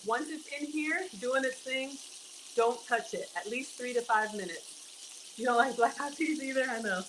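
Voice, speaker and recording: A woman's voice: fairly high pitch, normal speed, background noise. A woman livestreaming from her home kitchen, chatting casually with viewers while she cooks and calling them y'all. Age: young adult to middle-aged. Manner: chatty, addresses viewers as y'all, reads donations aloud. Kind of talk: casual cooking livestream chat.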